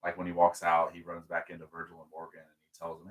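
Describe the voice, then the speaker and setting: A man's voice: low voice, completely flat delivery, quick pace, poor audio. A man chatting casually as he recaps a movie scene with a friend, rambling and correcting himself as he goes. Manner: rambling, self-correcting, laughs along. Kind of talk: casual film recap chat.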